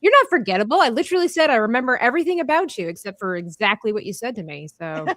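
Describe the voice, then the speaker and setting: A woman's voice: a little high, big pitch swings, racing, a bit bright, no room sound. A woman hosting a casual livestream art party, chatting, laughing and reading comments from the chat aloud. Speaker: livestream host.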